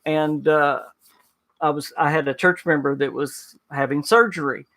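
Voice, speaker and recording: A man's voice: on the high side, steady tone, normal speed, fairly bright tone, dry recording. A man with a Southern US accent, a pastor hosting a podcast, telling stories in a chatty way with fillers and laughter. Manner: chatty storyteller, laughs often, many fillers. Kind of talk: casual podcast chat.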